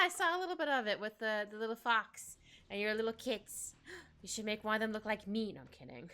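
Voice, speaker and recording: A woman chatting casually while she draws on a live stream, rambling and giggly, with many little asides. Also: medium pitch. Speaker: digital artist streaming her drawing. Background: soft background music.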